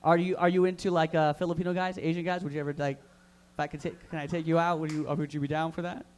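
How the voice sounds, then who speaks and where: A man doing crude stand-up crowd work at an open mic, loud and hyped as he banters with the audience in a live comedy room. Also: fairly high pitch, flat delivery, quick pace.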